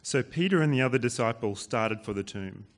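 A man reading scripture aloud to a church in a steady, measured way. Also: mid-range voice. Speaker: scripture reader.

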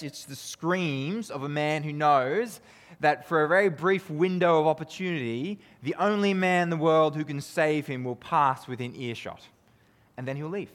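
A pastor preaches a sermon in an earnest, conversational way, peppering listeners with tag questions and dropping from emphatic peaks to low, quiet lines. A hall's long reverb trails his voice.

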